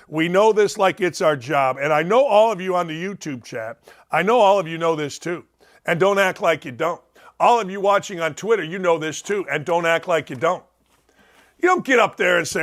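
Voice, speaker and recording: A man's voice: a little high, animated, brisk, fairly bright tone. A middle-aged man hosting a sports talk show, giving a blunt, fired-up monologue full of mocking asides.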